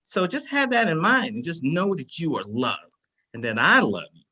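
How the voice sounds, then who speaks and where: Animated husky-voiced man host. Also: fairly high pitch, moderate pace. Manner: animated, laughing, encouraging. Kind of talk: casual group chat.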